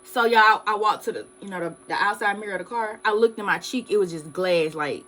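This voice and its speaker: A woman's voice: medium pitch, fairly quick, fairly bright tone, rough recording. A young woman vlogger, animatedly telling a story to her viewers and calling them "y'all". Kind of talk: storytime vlog.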